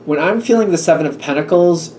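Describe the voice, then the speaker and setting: Rather high-voiced, a little quick and slightly mellow, a man gives a casual tarot reading. He muses hesitantly, stumbling into restarts and fillers, and the slightly distant mic records faint background hum.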